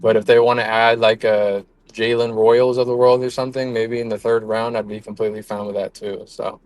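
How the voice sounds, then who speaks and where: A man's voice: mid-range voice, level tone, a little fast, no echo, poor audio. A man guest on a casual sports talk show, speaking casually with many "like" fillers.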